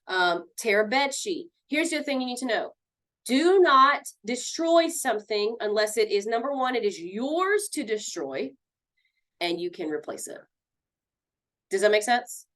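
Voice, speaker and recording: A woman's voice: a little high, measured pace. A woman teaching a mindfulness lesson on handling anger, talking casually and acting out what friends might say. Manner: lively, conversational, acts out quoted friends.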